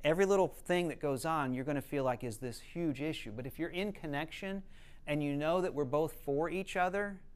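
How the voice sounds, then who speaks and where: A man's voice: on the high side, fairly quick, clean tone. A man, a counselor, giving a conversational teaching talk, explaining earnestly and telling stories to make his points.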